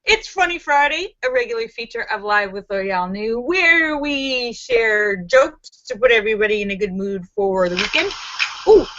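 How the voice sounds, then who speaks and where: A giggly, sassy woman chats to viewers on a live stream and reads jokes aloud. Her voice is high, bright and lively, with a relaxed, unhurried pace. The audio is a little dull and lo-fi. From United States. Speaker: vlogger hosting a live stream. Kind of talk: casual live stream chat reading jokes.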